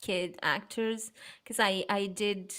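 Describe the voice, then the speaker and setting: A woman's voice: mid-range voice, steady tone, slow, a bit bright. A young woman co-hosting a casual chat, giggling often as she reacts to a video. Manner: giggly, laughs through much of her talk. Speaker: co-host.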